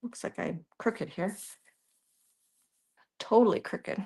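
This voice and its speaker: A woman giving a casual crafting tutorial, chatting and thinking aloud as she works. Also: medium pitch. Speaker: mixed media art tutor.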